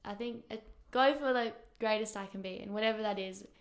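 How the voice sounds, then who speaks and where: A woman's voice: medium pitch, fairly quick. A young woman, a pro surfer as guest, chatting casually, giggly and loose with lots of fillers. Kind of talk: casual chat.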